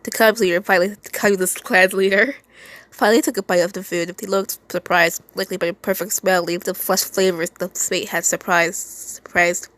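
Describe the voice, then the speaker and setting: A woman's voice: mid-range voice, steady tone, moderate pace, a bit bright. A woman reading a fan story aloud, often stumbling, repeating words and stopping to make asides. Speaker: reader.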